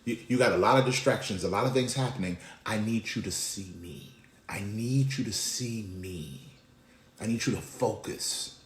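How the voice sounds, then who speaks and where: A man's voice: medium pitch, very fast, hardly any pauses, close to an everyday voice. A man speaking as God, lovingly urging listeners to focus on him. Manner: pleading, repetitive. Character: God, loving and commanding, calling people close. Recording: roomy echo.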